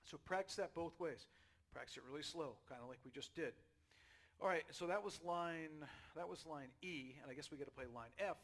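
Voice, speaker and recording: A man giving a casual drum lesson, chatty and relaxed, checking in with "okay?" and "right?" as he explains. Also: fairly high pitch, brisk. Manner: counts beats aloud loudly while drumming. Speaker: drum teacher. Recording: drum kit playing behind the voice.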